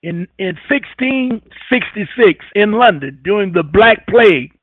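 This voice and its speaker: A man hosting a radio talk show, rambling and halting as he repeats words while searching for them. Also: sits high, lively intonation, husky, no room sound. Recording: tinny phone-like radio audio.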